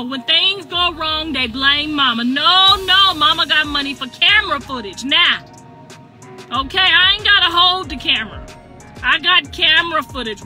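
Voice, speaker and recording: A woman's voice: high-pitched, pushed and bright. A middle-aged woman ranting on a phone livestream, emphatic and repetitive, with a sassy edge.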